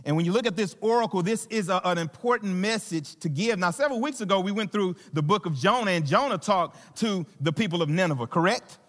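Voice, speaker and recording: A man's voice: high-pitched, lively intonation, fairly quick, hardly any pauses, fairly bright tone, long reverb tail. A man with a Southern American accent preaching a sermon as a visiting pastor, talking conversationally and playfully to the congregation with plenty of fillers and restarts. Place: church sanctuary.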